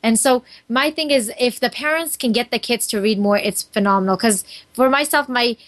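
A woman in her thirties, a guest on a talk show, speaking earnestly and telling stories in an animated way. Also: a little high, moderate pace. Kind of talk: casual interview talk.

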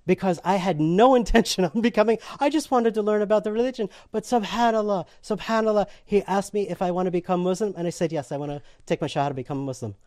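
A man telling a personal story in casual conversation, animated and laughing often as he acts out what other people said. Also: high-pitched, fast, few pauses, no echo, studio quality.

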